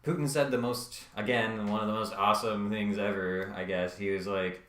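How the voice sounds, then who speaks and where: Low-voiced man, hesitant commentary, echoey room. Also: fairly even intonation, normal speed, few pauses, a bit bright. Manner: hesitant, many ums and uhs, wry asides. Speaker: video essayist. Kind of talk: casual scripted commentary.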